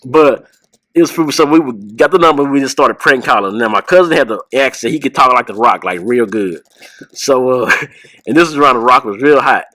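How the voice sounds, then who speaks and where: A man's voice: mid-range voice, fairly quick, bright, forceful tone, no room sound, rough recording. A man hosts a casual podcast, telling long stories and breaking into short impressions of other people. His voice sits in a middle range, and the recording is dry with no room sound. He rambles and laughs as he goes. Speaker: podcast host.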